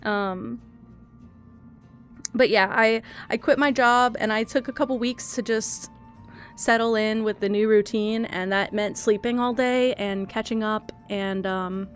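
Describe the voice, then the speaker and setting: A woman's voice: a little high, fairly even intonation, measured pace, soft background music. A young woman streamer chatting casually with viewers, rambling and self-deprecating, a little teary and laughing often. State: teary, crying. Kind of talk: casual live-stream chat.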